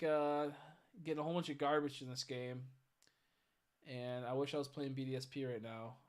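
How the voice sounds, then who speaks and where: A tired man chatting casually on a live stream, rambling and swearing as he greets viewers. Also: medium pitch. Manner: rambling, swearing, stumbles over chat names.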